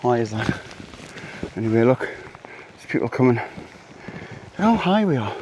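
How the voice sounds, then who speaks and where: Out on woodland and coastal paths, a middle-aged man gives casual vlog talk to his camera, rambling along with jokey remarks. His medium-pitched voice swings widely in pitch at a normal speed, with long pauses and a darkish tone; a little hiss or hum is audible.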